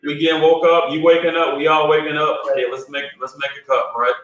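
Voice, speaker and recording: A male coffee roaster on a remote call, calmly walking through a brewing demo step by step and saying "man" a lot. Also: fairly high pitch, brisk, muffled recording, background noise. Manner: laid-back, explains step by step, says "man" a lot. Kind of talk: casual chat and brewing demo. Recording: echoey room far from the mic.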